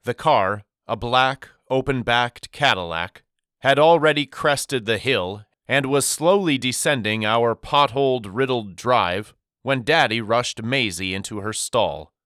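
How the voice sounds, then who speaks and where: A man narrating an audiobook chapter as the storyteller, in a measured, reflective manner. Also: mid-range voice, a bit bright, no room sound, clean studio sound. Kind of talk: scripted narration.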